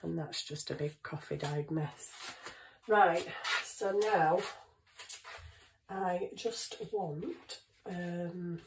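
A woman's voice: deep voice, background noise. A woman chatting casually in her home kitchen, thinking aloud as she works on a craft. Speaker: craft vlogger.

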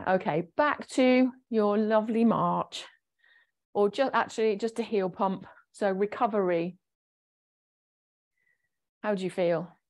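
A woman's voice: mid-range voice, darkish tone. Chatty woman leading exercises. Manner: encouraging, chatty, explains each movement. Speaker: fitness instructor. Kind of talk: guided exercise class.

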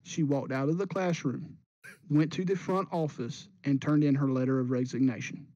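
A man hosting a podcast, telling a school story in an animated, casual way and restarting his sentences as he goes. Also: mid-range voice, moderate pace, no echo, dull audio. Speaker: podcast host.

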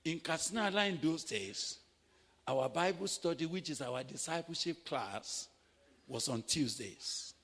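A Nigerian man preaches in a sermon full of stories, his slightly raised voice husky at the edges. He acts out the people he quotes, dropping low and then climbing to a shout. The sound rings with the long echo of a large hall. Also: lively intonation, unhurried. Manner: dramatic, acting out quoted voices, swinging from hushed to shouting. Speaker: pastor. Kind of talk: sermon with storytelling.

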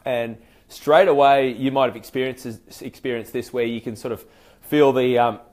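An Australian man with a voice of ordinary middle pitch coaches listeners on how to open a sales call. He keeps it informal and unpolished, with frequent ums, restarts and little acted-out phone greetings. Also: steady tone, normal speed, a little mellow. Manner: chatty, loose and hesitant, many fillers and restarts; acts out sample phone greetings. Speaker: sales trainer. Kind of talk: conversational training talk.

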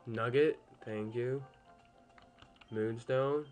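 A man's voice: medium pitch, a little slow, pauses often, soft background music. A young man casually commentating a game he is playing at home, chatty and easily annoyed, swearing at the game now and then. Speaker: gameplay commentator.

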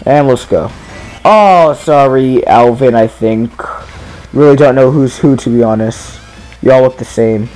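Mellow young man streaming a kart race. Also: medium pitch, measured pace, faint music behind. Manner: chatty, self-deprecating, talking to viewers while playing. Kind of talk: casual gameplay commentary.

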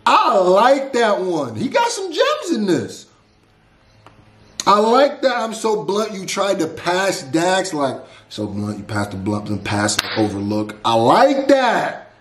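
A laid-back man talks through a reaction video, repeating lines back and musing over them. His voice sits a bit high for a man. The room around him is noticeably echoey. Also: huge pitch swings, takes it slowly, fairly bright tone, a little hiss or hum. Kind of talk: casual reaction commentary.

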